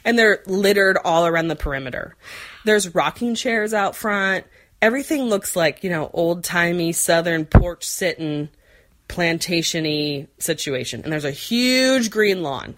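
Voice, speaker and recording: A forty-something woman spins a long, meandering story in casual conversation, leaning on fillers and slipping into playful put-on voices. Her voice sits a little on the low side. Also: measured pace. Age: 40s. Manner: rambling, animated, lots of fillers and put-on voices. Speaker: podcast co-host.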